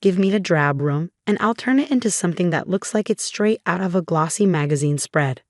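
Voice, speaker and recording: A young adult woman narrating a scripted first-person story in an even, conversational way. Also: on the low side, a little fast, no echo, studio quality.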